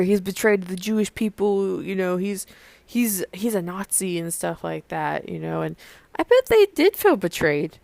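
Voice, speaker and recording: A woman's voice: low voice, vocal fry, a little mellow, no room sound. A young woman hosting her own podcast, talking casually and rambling with many fillers and restarts. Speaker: podcast host. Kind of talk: casual solo podcast chat.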